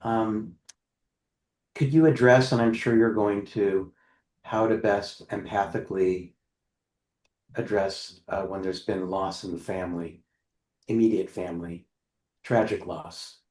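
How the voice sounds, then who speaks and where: A soft-spoken man from the audience asking a question, trailing off as he speaks. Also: on the low side, steady tone, unhurried, pauses often, reverberant, rough recording.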